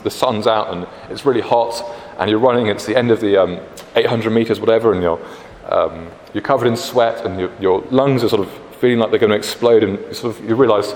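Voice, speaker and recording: A British man preaching a sermon in a conversational way, with frequent fillers and restarts. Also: lowish voice. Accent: British English. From Britain. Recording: echoey hall, faint background noise.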